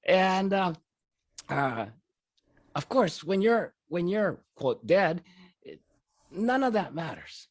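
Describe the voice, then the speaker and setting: A man telling a personal story in an animated way, often breaking into laughter. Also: high voice, slow, pauses often, dry recording, clean studio sound. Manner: lively, animated delivery.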